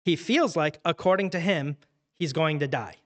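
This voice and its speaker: A man's voice: on the high side, normal speed, a bit bright. A man teaching a church Bible study in a conversational way, asking the class many questions. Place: church room.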